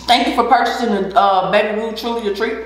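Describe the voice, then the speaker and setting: A woman's voice: fairly high pitch, steady tone, fast talker. A woman chatting casually while eating on a mukbang vlog, laughing often and giving encouragement. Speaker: vlogger. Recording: echoey room.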